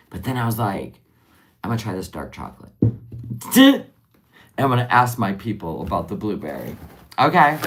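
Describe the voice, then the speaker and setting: A live-streamer chatting casually while finishing crafts, rambling and answering viewer comments as they come in. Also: medium pitch. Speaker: livestream crafter.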